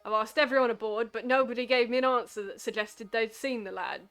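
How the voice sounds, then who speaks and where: A woman voicing a stern, measured male inspector in a video game. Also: a little high, fairly even intonation, a bit bright, clear, resonant tone, soft background music, natural voice.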